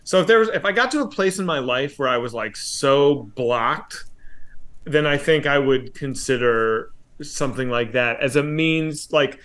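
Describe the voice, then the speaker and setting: A man in a casual livestream chat, speaking in an earnest, thoughtful way. His pitch is mid-range and his delivery loose and conversational. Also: unhurried, fairly bright tone. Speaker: comedy troupe member co-hosting a stream.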